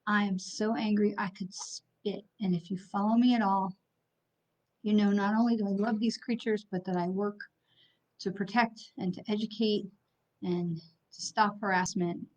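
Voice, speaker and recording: A woman's voice: medium pitch, steady tone, moderate pace, darkish tone. Middle-aged woman, psychic medium host, blunt and angry, swears then apologizes; muffled stream audio. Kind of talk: livestream talk to viewers. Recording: slightly dull lo-fi stream audio.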